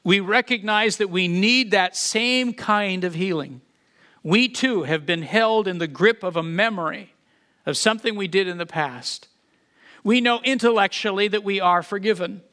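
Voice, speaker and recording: A man's voice: high-pitched, normal speed, pushed and bright, smooth. A man preaching a sermon as pastor, earnest and often repeating words as he builds emphasis, then leading a prayer.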